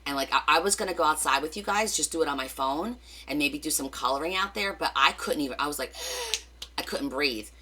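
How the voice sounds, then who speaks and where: A woman's voice: low voice, quick pace, hardly any pauses, pushed and bright, slight background noise. A middle-aged woman with a New Jersey accent, hosting a craft livestream, chatting casually and greeting viewers by name with rambling asides.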